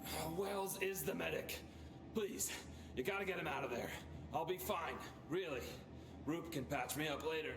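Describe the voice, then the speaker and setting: A man playing a gruff wounded agent. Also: fairly high pitch, moderate pace, over music, natural voice. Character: battered male agent, stubborn and wry. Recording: roomy game audio.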